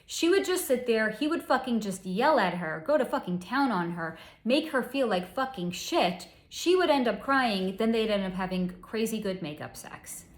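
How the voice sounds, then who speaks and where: Woman, psychic reader, candid, curses freely, echoey room. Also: mid-range voice. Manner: candid storytelling with frequent swearing. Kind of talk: solo spoken energy reading.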